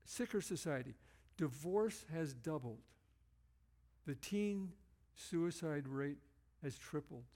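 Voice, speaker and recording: A male preacher giving an earnest, emphatic sermon, slowing down to stress key phrases. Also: a little high, animated, dark tone.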